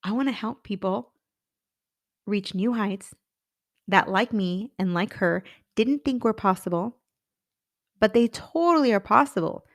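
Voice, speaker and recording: A woman's voice: medium pitch, expressive, unhurried, pauses often, dry recording, clean studio sound. A woman in her thirties, a career coach and podcast host, telling her own story candidly and acting out her past thoughts. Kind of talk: personal storytelling.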